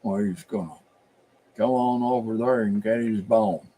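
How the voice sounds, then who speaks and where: A man's voice: lowish voice, unhurried, warm tone, a little hiss or hum, lightly acted, poor audio. A man doing a drawling Appalachian hound-dog owner. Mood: easygoing. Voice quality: drawling, lips barely moving. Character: folksy Appalachian man talking about his hound dog.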